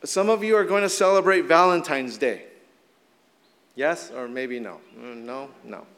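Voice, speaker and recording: Hoarse man preaching in a reverberant hall. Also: fairly high pitch, unhurried, a bit bright. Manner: casual, conversational preaching with many "like" fillers. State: slightly hoarse from shouting. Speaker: pastor. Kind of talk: sermon.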